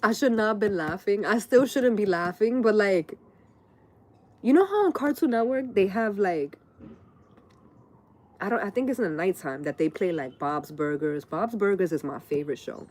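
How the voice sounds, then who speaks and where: A woman's voice: medium pitch, animated, normal speed, darkish tone. Profane, rambling woman in her late thirties. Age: late 30s. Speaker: tarot reader. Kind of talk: casual live-stream rant.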